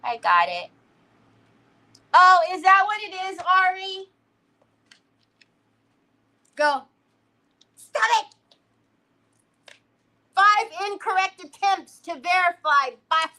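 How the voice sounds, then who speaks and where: A woman with a high, bright voice hosts a crafting livestream, talking at an unhurried pace. She keeps up a playful, teasing banter, fondly scolding a pet that keeps getting in her way. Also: expressive. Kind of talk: casual chat.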